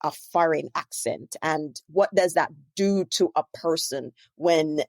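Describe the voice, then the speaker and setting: A woman's voice: low-pitched, takes it slowly, darkish tone, no room sound. A middle-aged woman from Jamaica with a Jamaican accent, hosting a podcast interview and asking long, rambling, self-correcting questions. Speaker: podcast host. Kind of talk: casual interview conversation.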